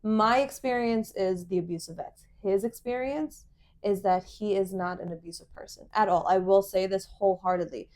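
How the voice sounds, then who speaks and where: A young woman hosting a podcast, telling a dating story in casual chat, animated and swearing, full of fillers. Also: medium pitch, moderate pace. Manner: animated, swearing, many fillers, acts out quoted lines. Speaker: podcast host.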